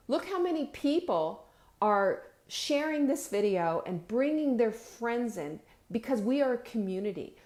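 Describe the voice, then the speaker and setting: A woman hosting a motivational live video, addressing her viewers directly. She is emphatic and encouraging, stretches key words, and repeats words as she restarts sentences. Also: on the high side. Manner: addresses viewers warmly and directly, reads their comments aloud. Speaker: host of a live video show.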